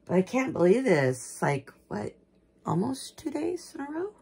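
A woman's voice: on the high side, big pitch swings, a little slow, vocal fry, dark tone, slightly rough. A woman vlogging about her dolls in rambling, homespun casual chat that gushes with gasps. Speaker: doll collector vlogger.

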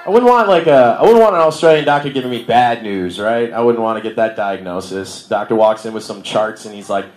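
A young stand-up from Milwaukee, Wisconsin, plays a bar comedy stage with a relaxed, slangy set, laughing at his own jokes. His lowish, a little mellow voice has lively intonation and a fairly quick pace, with a faint crowd in the echoey bar room.

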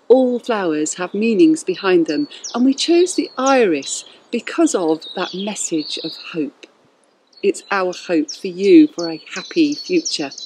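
A woman calmly explaining things to schoolchildren in a warm-hearted address. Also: on the low side, a little hiss or hum, poor audio. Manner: calm, explanatory.

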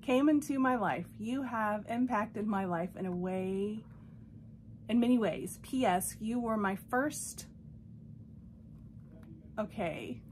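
A woman vlogging from home, gushing and excitable as she unboxes dolls and reads a friend's card aloud in casual chat. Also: mid-range voice, slow pace, long pauses, a little hiss or hum. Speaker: doll collector vlogger.

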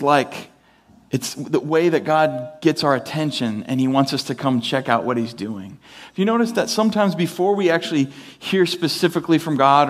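Chatty pastor preaching in a raised voice. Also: male voice, fairly high pitch. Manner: conversational storytelling, loose with fillers and restarts. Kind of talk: sermon.

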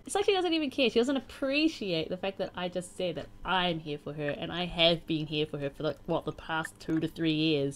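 A woman's voice: sits low, very animated, fairly quick, few pauses. A young woman casually commenting on a game she is playing and reading its chat messages aloud in a playful, chatty way. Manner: chatty and playful, reacting with sighs and laughs. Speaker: gaming YouTuber.

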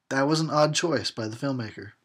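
Tipsy sarcastic man, husky and lively. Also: on the high side. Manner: sarcastic, laughing, swearing, jokey. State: tipsy from drinking. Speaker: host commenting on a horror film. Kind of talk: drunk film commentary.

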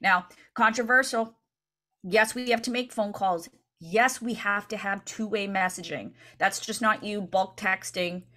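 In a training session for real estate agents, a woman coaches with energy and plenty of chatter, her voice sitting on the high side. She keeps checking in with "right?"

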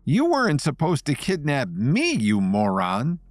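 A man's voice: fairly high pitch, wildly swooping pitch, normal speed, no echo, studio quality, pitched above the performer's own voice. A man voicing an irritated, scheming pregnant woman who speaks sharply. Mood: exasperated.

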